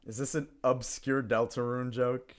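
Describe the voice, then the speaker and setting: Playful male streamer with a lively voice. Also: mid-range voice. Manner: playful, reading chat aloud and greeting viewers; lots of giggling and sudden bursts of excitement. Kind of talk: casual live-stream chat.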